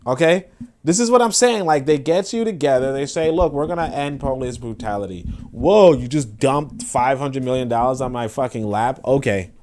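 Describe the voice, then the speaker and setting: A man hosting a podcast livestream, reading comments and reacting in casual, animated commentary with swearing and repeated words. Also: medium pitch, normal speed, a little hiss or hum. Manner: animated, profane, repeats himself. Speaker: podcast host.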